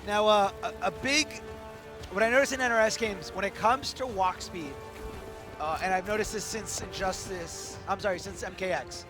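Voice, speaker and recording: A man with a voice going hoarse, giving live commentary at a fighting game tournament and explaining things, correcting himself as he goes. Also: high-pitched, moderate pace. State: hoarse, losing his voice. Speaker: esports commentator. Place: tournament venue. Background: music.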